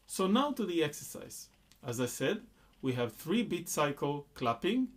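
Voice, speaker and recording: A man's voice: a little high, big pitch swings, a little slow, noisy background. A man patiently explaining a rhythm exercise, counting beats and chanting syllables between explanations. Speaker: music teacher. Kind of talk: rhythm lesson with sung syllables.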